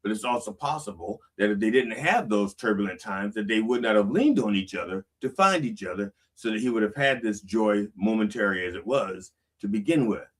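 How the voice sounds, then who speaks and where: A pastor with a fairly low voice gives a casual sermon, reading song lyrics aloud and then unpacking them conversationally, often checking in with "okay?" He's animated and a little fast, with hardly any pauses. He was recorded from a distance.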